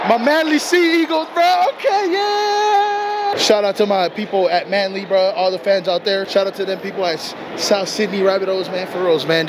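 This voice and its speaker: A young American man hosting a vlog outdoors at a stadium, talking fast and slangy and shouting with excitement. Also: sits high. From United States. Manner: hyped, slangy, shouts over the crowd. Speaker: vlog host. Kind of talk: excited casual vlog chat. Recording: loud stadium crowd noise behind.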